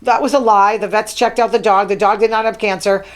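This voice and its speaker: A woman's voice: mid-range voice, steady tone, a little fast. A woman hosting her own talk show, reading news items from her notes and adding chatty, wry asides. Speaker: show host. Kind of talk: casual solo talk show monologue.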